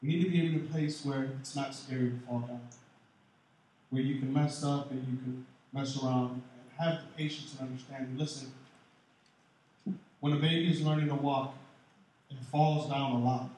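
A man preaching a sermon as pastor, animated, swinging between loud and soft. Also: mid-range voice, moderate pace, long pauses. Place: large church hall. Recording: echoey hall, mic far off.

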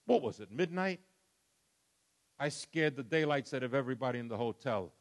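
A middle-aged man preaching a sermon, swinging from soft, low lines to loud, impassioned ones. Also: expressive, moderate pace. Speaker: pastor.

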